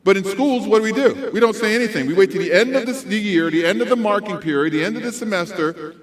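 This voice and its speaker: A man giving a motivational talk to educators at a school conference, animated and swinging between loud and soft. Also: high-pitched, quick pace. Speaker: conference speaker.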